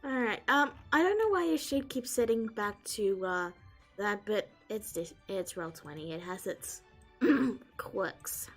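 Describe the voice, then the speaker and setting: Slow, hesitant woman game master. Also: medium pitch, lively intonation, soft background music. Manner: hesitant, filler-heavy. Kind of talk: narrating a tabletop game.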